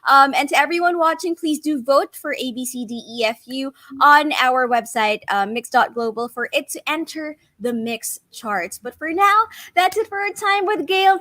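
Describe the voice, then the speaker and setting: Female music show host, bright high pitch, friendly with light laughs. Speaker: interview host. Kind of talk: hosting a music interview.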